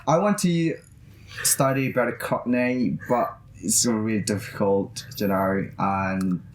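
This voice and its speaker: A young Indonesian student, a man, chatting eagerly in halting English with an Indonesian accent as a guest in a campus interview. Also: lowish voice, echoey room. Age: young adult. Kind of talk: casual interview chat.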